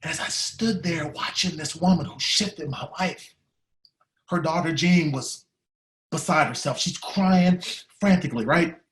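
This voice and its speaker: A man giving an emotional storytelling speech, heartfelt and dramatic, shifting between loud and hushed. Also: fairly high pitch, measured pace, roomy sound. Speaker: speaker at a staff training day.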